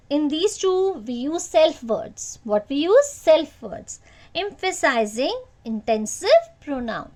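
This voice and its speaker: A woman's voice: sits high, a little mellow. A woman teacher, giving an online grammar lesson to children and repeating key points as questions to the class. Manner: slow, repetitive teacher talk with questions to the class.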